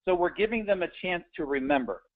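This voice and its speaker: A man's voice: high voice, animated, quick pace. A man coaching sales agents on phone scripts in a conversational, direct way, often restarting his words. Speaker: sales trainer. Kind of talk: instructional talk on phone scripts. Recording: tinny phone-like audio.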